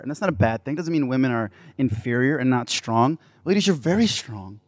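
Energetic man addressing a crowd. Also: medium pitch, a little fast, no echo. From United States. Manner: playful, building to loud enthusiastic bursts. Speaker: Catholic speaker. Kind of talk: energetic talk to a live audience.

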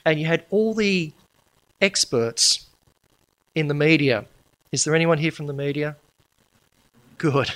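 Bright, forceful man lecturing. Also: a little high, a little slow, pauses often. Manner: emphatic, with wry humorous asides. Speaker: public speaker. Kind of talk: lecture to a live audience.

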